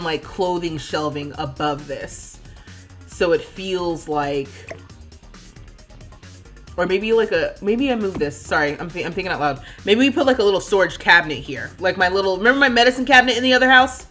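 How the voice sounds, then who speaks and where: A woman in her thirties chatting casually on a livestream while she plays, laughing often and thinking out loud. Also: mid-range voice. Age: 30s. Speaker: streamer.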